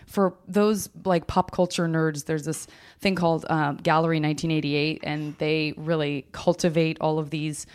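A woman's voice: low-pitched, fairly even intonation, moderate pace, darkish tone, clean tone. A woman with a General American accent hosting a podcast, chatting casually and rambling with self-deprecating humor. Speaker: podcast host. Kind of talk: casual chat.

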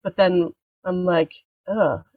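A mother in her forties talks frankly and wryly in casual chat, her sentences sometimes halting. Her pitch is middling. The recording is close and dry. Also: no echo, phone-quality sound. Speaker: podcast guest co-host.

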